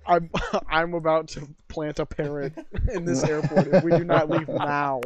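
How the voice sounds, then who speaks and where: A young man with a slightly higher voice jokes along as a podcast co-host, firing off teasing one-liners. Loud chatter from other people fills the background around him. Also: level tone, lo-fi sound. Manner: joking, quick teasing interjections. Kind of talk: casual chat.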